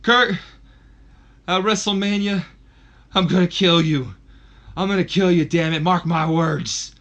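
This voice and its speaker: A man's voice: high voice, unhurried, fairly bright tone, highs cut off, pitched above the performer's own voice. A man voicing an older male wrestler screaming out his vow of revenge. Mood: furious.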